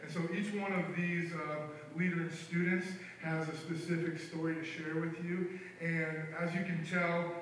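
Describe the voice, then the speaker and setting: An upbeat man introduces a youth mission team to the congregation, his voice set a little high. It sounds very echoey and distant in a large church hall, with faint noise under it. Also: little pitch movement, normal speed, a bit bright. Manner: upbeat, encouraging. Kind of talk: church announcement. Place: church sanctuary.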